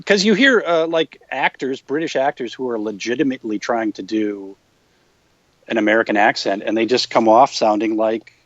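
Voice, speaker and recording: A man guesting on a podcast, telling stories in a relaxed way with many fillers and the odd quick impression. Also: medium pitch, no room sound. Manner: relaxed storyteller, frequent fillers, slips into impressions. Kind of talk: casual anecdote-telling. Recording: slightly dull lo-fi podcast audio.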